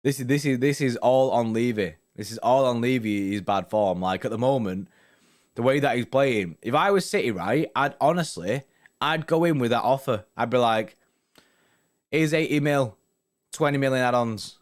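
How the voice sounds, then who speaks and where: A man's voice: mid-range voice, moderate pace. Chatty young man streaming. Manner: chatty, laid-back banter with frequent "mate" and "innit". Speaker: football fan channel host. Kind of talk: casual live-stream chat reading viewer comments.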